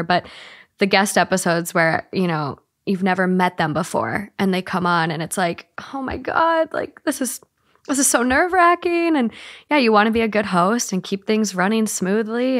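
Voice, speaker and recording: A woman's voice: mid-range voice, a bit bright. Earnest emotional woman podcast guest. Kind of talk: casual interview.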